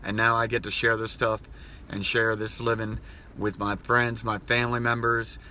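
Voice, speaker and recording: A man's voice: fairly low pitch, flat delivery, moderate pace, sharp tone, slight background noise. A man talking in an earnest, rambling personal vlog, choked up at times as he speaks. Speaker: vlogger.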